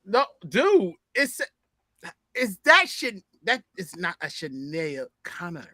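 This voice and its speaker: A man co-hosting a podcast, chatting playfully and cutting in quickly. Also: high voice, huge pitch swings, bright, forceful tone, no echo, studio quality. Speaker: podcast co-host. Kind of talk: casual comedic chat.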